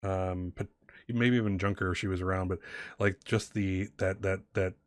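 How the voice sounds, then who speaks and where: A man's voice: low voice, fairly even intonation, moderate pace, no room sound, clean studio sound. A man narrating a tabletop game as game master, rambling with many fillers and restarts.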